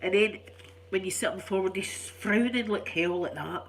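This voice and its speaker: A middle-aged Scottish woman, ill and congested, telling stories in an animated, chatty way. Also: medium pitch, normal speed, slight background noise. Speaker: vlogger. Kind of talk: casual storytelling chat.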